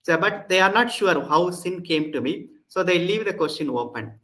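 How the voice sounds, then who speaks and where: A man's voice: high-pitched, expressive, normal speed, fairly bright tone, poor audio. A man with an Indian English accent teaching a lecture, reading each Hebrew word and then explaining it, with frequent restarts. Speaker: Hebrew instructor. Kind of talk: classroom lecture.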